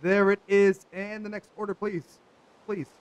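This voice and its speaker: Chatty high-voiced young man gaming. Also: level tone, a little slow, a little mellow, no room sound, lo-fi sound. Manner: chatty, talks to viewers, jokey asides. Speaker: gaming channel host. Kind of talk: casual let's play commentary.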